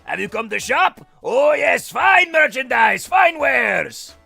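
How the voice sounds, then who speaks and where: Loud, high-pitched male chameleon merchant, gravelly. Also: very animated, slow, no echo, faint music behind, heavily acted. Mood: salesy. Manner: loud, squawking, accented put-on voice. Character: shrewd male chameleon shopkeeper, excitable. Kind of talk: let's play voice acting.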